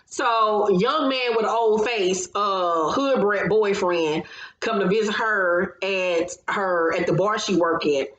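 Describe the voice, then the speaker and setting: A woman's voice: medium pitch, slow, a bit bright, highs cut off. Chatty woman recapping reality TV, echoey room. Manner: chatty and opinionated, retells scenes with asides. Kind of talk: casual episode recap commentary.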